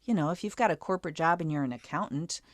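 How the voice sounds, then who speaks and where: A woman hosting a podcast, chatting casually with her guest and reacting quickly and expressively. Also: deep voice, no room sound, clean studio sound. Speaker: podcast host. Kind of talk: casual interview chat.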